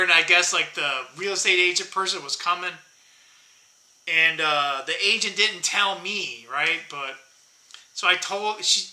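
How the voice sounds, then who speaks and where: A man's voice: sits high, sharp tone, roomy sound. A man vlogging to his viewers in casual, rambling chat, laughing often and swearing casually.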